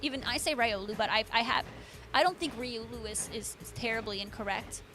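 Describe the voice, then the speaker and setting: A woman's voice: on the high side, a little fast, fairly bright tone, faint music behind. A woman hosting a live stream, chatting casually with viewers, laughing often and answering them by name. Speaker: livestream host.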